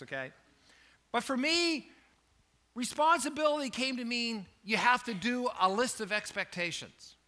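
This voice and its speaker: A man preaching a sermon as lead pastor, telling a story with animated, self-joking delivery. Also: sits high.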